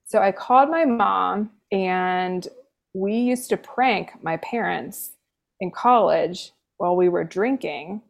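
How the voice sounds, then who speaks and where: A woman's voice: medium pitch, slow pace, vocal fry. A woman nurse, a guest in an interview, telling a personal story casually with sarcastic, dry humor and lots of fillers. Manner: chatty, many fillers like "like".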